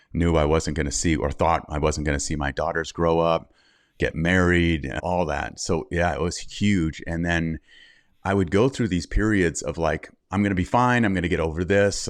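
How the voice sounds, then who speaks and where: A man's voice: very deep voice, no echo, studio quality. A middle-aged man, a podcast guest, telling a personal story candidly and acting out the things people said. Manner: candid, animated storyteller who acts out quotes. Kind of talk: interview storytelling.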